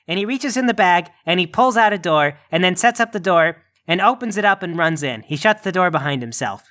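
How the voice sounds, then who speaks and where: A man's voice: sits high, animated, a little fast, hardly any pauses, bright, forceful tone. A man narrating as game master of a comedic tabletop game, switching between narration and character lines.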